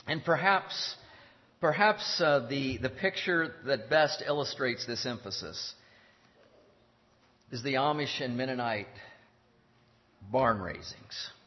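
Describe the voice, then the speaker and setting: A man preaching a sermon in an earnest, deliberate way, repeating his key phrases. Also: medium pitch. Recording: dull lo-fi sound in a reverberant hall.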